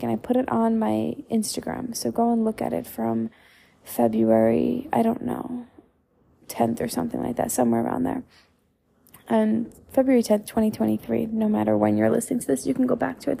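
A woman's voice: on the high side, vocal fry, mellow, breathy edge. A woman hosting a podcast, delivering a blunt motivational monologue full of swearing and emphatic repetition. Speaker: podcast host and mindset coach.

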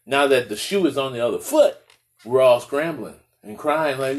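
A man's voice: mid-range voice, expressive, moderate pace, poor audio. A man from the United States giving an impassioned opinion monologue, full of rhetorical questions and repeated words for stress.

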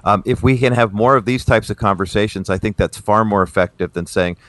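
A man hosting talk radio, speaking in an affirming, relaxed way in a roundtable chat. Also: lowish voice, fairly quick, dry recording. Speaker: radio talk show host. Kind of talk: roundtable podcast discussion.

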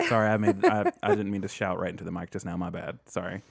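A man's voice: deep voice, quick pace, gravelly, dry recording. A man hosting a casual podcast, joking, laughing often and mimicking people. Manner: animated, jokey, laughs often, mimics voices. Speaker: podcast host.

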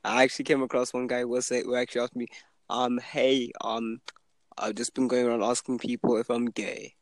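A man's voice: flat delivery, brisk, no echo, poor audio. A young man hosting a podcast, chatting casually and telling stories, acting out the people he quotes. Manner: storytelling, acts out the people he quotes in a higher voice. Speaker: podcast host. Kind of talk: casual chat.

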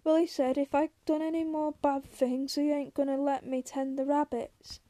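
A woman voicing a big, simple-minded male farmhand who talks in a slow, pleading, fearful way. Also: sits high, level tone, mellow, no room sound, natural voice. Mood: wary.

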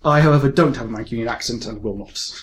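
A man's voice: mid-range voice, quick pace, a little hiss or hum. An English man with a mixed forces-kid accent hosting a casual podcast. He reads out listener mail, jokes, swears and laughs often. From England. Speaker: podcast host.

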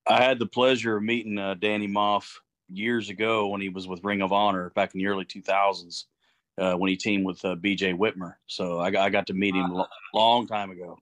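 A man chatting on a podcast, measured and a bit hesitant. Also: low-pitched, flat delivery, fairly bright tone. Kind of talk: casual podcast chat.

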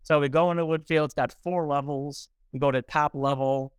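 A middle-aged man talks as a podcast guest, earnest and warm, playing out every quoted line as he tells his story. His voice is smooth and resonant. The sound is dry, close to the mic. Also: a little high, steady tone, a little fast, no room sound. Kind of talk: conversational storytelling.

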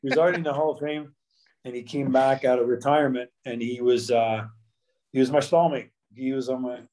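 Rambling middle-aged man with a flat voice. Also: medium pitch, a little fast, rough recording. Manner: rambling, with many restarts and fillers. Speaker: guest, former pro hockey player. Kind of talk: casual interview.

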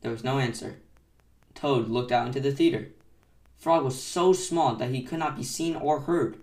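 A man gently reading a children's bedtime story aloud, recorded in an echoey room from a distance. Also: mid-range voice, normal speed. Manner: gentle, soft-spoken narration. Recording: echoey room, mic set far off.

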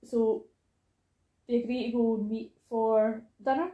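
A woman's voice: a little high, level tone, slow, reverberant, narrow, tinny audio. A woman in casual podcast chat who laughs often and acts out quotes.

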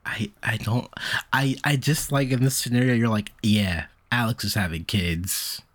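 A man's voice: medium pitch, moderate pace. A man in casual conversation, telling stories and acting out other people's voices. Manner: animated, acts out quoted voices. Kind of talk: casual storytelling chat.

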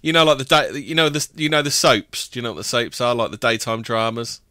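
A man's voice: medium pitch, fairly even intonation, fairly quick, sharp tone, dry recording. Hesitant man, dry sound. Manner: hesitant, many ums. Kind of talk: casual chat.

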